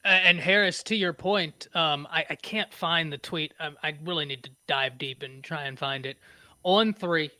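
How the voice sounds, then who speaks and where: Brief: male panelist, bright forceful higher voice, dry sound, chatty delivery. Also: moderate pace, dry recording. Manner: reads stats aloud, corrects himself. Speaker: co-host. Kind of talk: casual sports chat.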